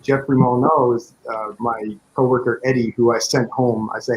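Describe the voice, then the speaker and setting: A man's voice: mid-range voice, flat delivery, fairly quick, slight background noise, poor audio. A man, a fan film director, chatting casually in an interview, rambling with many fillers and restarts.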